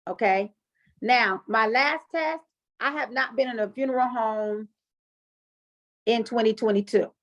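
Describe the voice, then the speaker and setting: A woman hosting a group coaching call, talking in an animated, chatty way with frequent fillers as she explains and tells stories. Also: fairly high pitch, measured pace, long pauses. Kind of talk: coaching talk and personal storytelling. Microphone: online call audio. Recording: dull lo-fi call audio.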